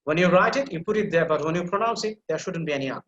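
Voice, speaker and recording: A man teaching English pronunciation in an online class, patiently repeating words slowly so a student can copy them. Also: fairly high pitch, animated, a bit bright, muffled recording. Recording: echoey room with faint noise.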